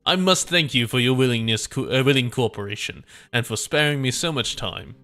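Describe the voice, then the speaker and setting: A man's voice: mid-range voice, a little fast, sharp tone, faint music behind, close to an everyday voice. A man voicing a suave villainous male factory overseer in a put-on French accent, in a pompous manner. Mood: smooth, menacing.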